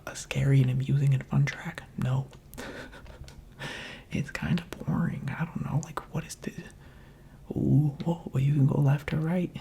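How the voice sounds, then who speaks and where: A man speaking in a soft, mostly unvoiced whisper, giving chatty, rambling, playful ASMR commentary while he plays a video game, close to the microphone. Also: mid-range voice, creaky. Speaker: gaming ASMR creator.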